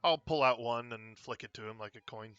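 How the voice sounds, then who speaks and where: A man's voice: medium pitch, a little fast, a bit bright, smooth, no echo, muffled recording, soft background music. A man playing a tabletop game with casual, joking remarks. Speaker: player.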